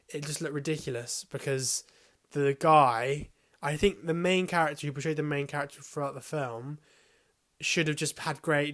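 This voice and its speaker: Rambling man reviewing a film. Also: fairly high pitch. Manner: rambling, hesitant, swears casually. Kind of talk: casual spoken film review.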